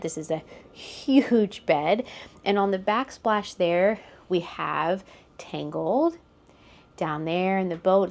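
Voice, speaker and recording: A woman's voice: fairly low pitch, a little mellow. Chatty woman touring a cruise cabin. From United States. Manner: chatty, pointing things out, laughs lightly. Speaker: vlogger giving a room tour. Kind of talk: casual walkthrough narration. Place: cruise ship cabin, indoors.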